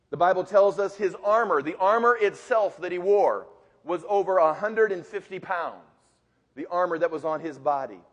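A man's voice: high-pitched, lo-fi sound. A male pastor preaching a sermon with emphatic, building repetition in a large church sanctuary. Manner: emphatic and building, with repeated phrases. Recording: long reverb of a large hall.

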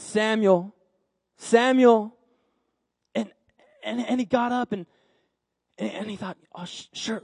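A man preaching a sermon, telling a story in an animated way with repetitions and dramatic pauses. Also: very high voice, gravelly, dry recording.

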